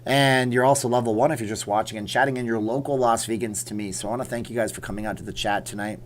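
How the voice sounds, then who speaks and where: A man's voice: medium pitch, steady tone, fast. Regular guy chatting on his livestream, reading off names, joking around. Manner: chatty, reads viewer names aloud, jokey. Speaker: livestream host. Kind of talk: casual livestream chat.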